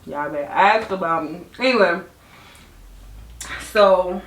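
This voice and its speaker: A young woman, hosting a podcast and telling a story in casual chat, animated and laughing, her voice jumping high and low. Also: slow pace, recorded from a distance. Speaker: podcast host. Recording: echoey room, voice off mic.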